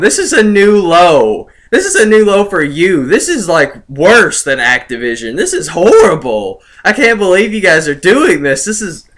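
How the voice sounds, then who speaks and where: A man's voice: on the high side, a bit bright. A young man ranting sarcastically about a video game, gloating and laughing in disbelief as he talks to his viewers. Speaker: gaming vlogger.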